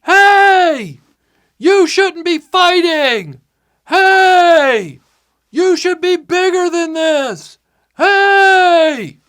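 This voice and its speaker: A man voicing a faraway male hiker who stops to shout judgment into the wind, shrill and scolding. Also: lively intonation, extremely slow, full character voice.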